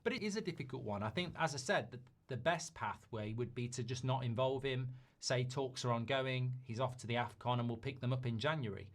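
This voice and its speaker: A man giving measured football commentary, reasoning through options with the odd quick aside. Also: mid-range voice. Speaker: football pundit in a played clip.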